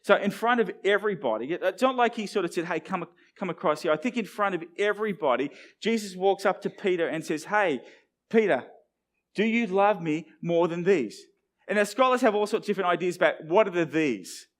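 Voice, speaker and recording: A man's voice: high voice, fast talker, few pauses. A middle-aged man, preaching a sermon and acting out the lines he quotes. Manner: animated, acts out quoted dialogue. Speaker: pastor.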